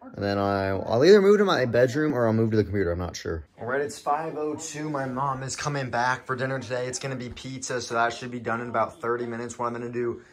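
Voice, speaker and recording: A man vlogging from home, calling his baseball video game like a play-by-play announcer and getting excitable at the big moments. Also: medium pitch, fast talker. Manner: excitable, shouts and laughs at big plays. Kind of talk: play-by-play style game commentary.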